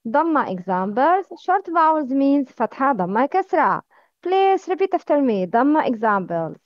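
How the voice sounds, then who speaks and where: A woman teaching Arabic letters, drilling words slowly and asking the listener to repeat after her. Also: sits high, very animated, dry recording. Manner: slow, careful drilling with repeat-after-me prompts. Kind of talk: slow recorded lesson. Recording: dull, lo-fi sound.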